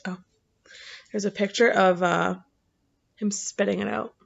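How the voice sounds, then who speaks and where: A woman's voice: medium pitch, fairly even intonation, unhurried, creaky, muffled recording. Woman reading a storybook aloud. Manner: reads steadily, drops to soft asides.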